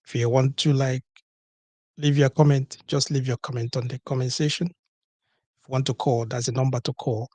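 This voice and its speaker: Guy hosting a call-in show, kinda husky, dry close sound, keeps repeating stuff and asking questions back. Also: medium pitch, steady tone, moderate pace, darkish tone, no echo. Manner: emphatic, repeats key words, asks rhetorical questions. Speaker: podcast host.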